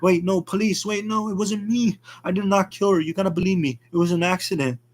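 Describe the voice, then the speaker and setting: A man's voice: moderate pace, close to an everyday voice. A man voicing a panicked young husband who pleads in a raised, cracking voice. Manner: frantic, pleading, voice cracking high.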